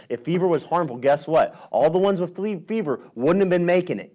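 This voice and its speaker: A man's voice: mid-range voice, darkish tone. A man hosting a health vlog who reads from studies and talks emphatically, getting worked up as he goes. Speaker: host.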